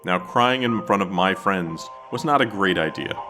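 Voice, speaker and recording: A man's voice: low voice, normal speed, music in the background. A man hosting a podcast, telling a childhood memory in reflective, scripted narration. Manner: reflective storytelling. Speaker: podcast host.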